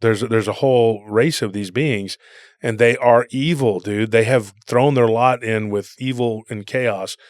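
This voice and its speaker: Speaking a little slowly in a mid-range voice, this podcast co-host tells meandering stories and keeps calling people "dude." It's casual conversation, recorded cleanly in a studio with no room sound.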